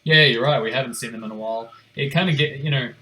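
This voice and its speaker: A man's voice: mid-range voice, quick pace, pushed and bright. A young man giving casual gameplay commentary, rambling, muttering to himself and swearing now and then. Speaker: gaming streamer.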